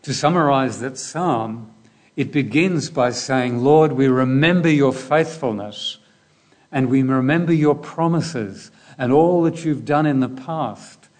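A man preaching a sermon in a deliberate way, asking repeated rhetorical questions. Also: mid-range voice.

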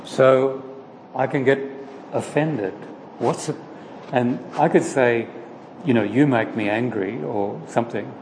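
A man leading a Bible study, praying and then teaching in an informal, halting way with many pauses. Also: mid-range voice, a little mellow. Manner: slow, halting, with frequent "uh" pauses. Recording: long reverb with faint background noise.

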